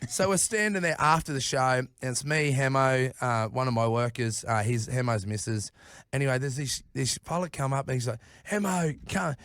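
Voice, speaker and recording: A man's voice: mid-range voice, fairly quick, fairly bright tone, clean tone, no room sound, studio quality. Rambling, swearing New man. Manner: rambling, swears constantly, laughs often. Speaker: podcast guest. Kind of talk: casual chat. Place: podcast studio.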